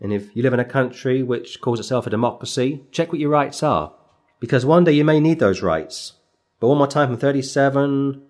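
A man preaching an expository sermon, stressing words and pausing for effect as he reads out verse numbers. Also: mid-range voice, darkish tone. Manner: emphatic, with slow dramatic pauses.

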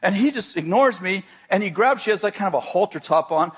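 A pastor with a notably high voice for a man, telling a story from the pulpit. He is lively and self-deprecating, tripping over his words and restarting as he builds the scene. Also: fairly quick, husky. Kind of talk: sermon storytelling.

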